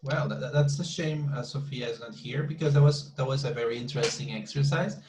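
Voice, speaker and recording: Male teacher, hesitant and repetitive, mid-pitched, steady online class delivery. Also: a little fast, noisy background. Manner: hesitant, repeats words often. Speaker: English teacher.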